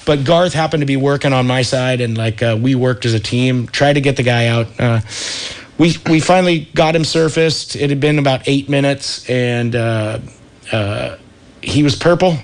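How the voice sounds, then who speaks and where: A man's voice: medium pitch, moderate pace. A man in his thirties from California, telling a story as a guest on a radio talk show in a laid-back surfer way, full of dude and like. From Santa Cruz, California. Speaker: radio show guest, wetsuit company founder.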